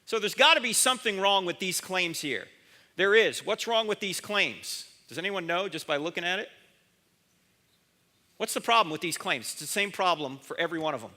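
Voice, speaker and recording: A man speaking at a university chapel, with a notably high and piercingly bright voice. He is emphatic and quizzes his audience, sometimes slipping into the voices of imagined objectors. The sound carries a long reverb from the hall. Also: expressive, moderate pace. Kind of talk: university chapel talk on apologetics.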